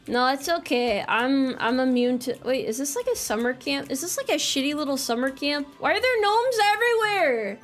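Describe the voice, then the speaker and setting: A woman's voice: sits high, lively intonation, normal speed, few pauses, soft background music. A woman streamer giving casual gameplay commentary, playful and teasing.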